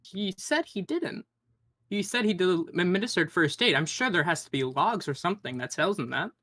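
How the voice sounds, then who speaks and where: A man's voice: high-pitched, lively intonation, normal speed, bright, forceful tone, no room sound, studio quality. A man playing a tabletop game who speaks in character in a hesitant, earnest way. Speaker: player. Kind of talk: in-character tabletop role-play.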